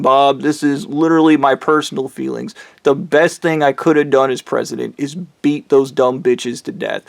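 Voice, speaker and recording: A vlogger with a creaky, medium-pitched voice angrily rants through a personal story, bitter and swearing heavily. The recording is dry.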